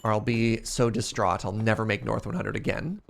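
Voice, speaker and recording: A man's voice: fairly low pitch, flat delivery, moderate pace, gravelly, slight background noise. A Canadian man from the prairies, streaming a game and chatting casually and playfully with his viewers, often joking at his own expense. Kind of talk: casual chat while playing a game.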